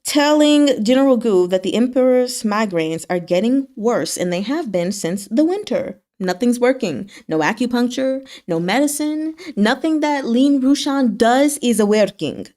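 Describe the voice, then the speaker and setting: A woman casually recapping novel chapters for her book club, animated and laughing, acting out the characters' lines. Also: medium pitch.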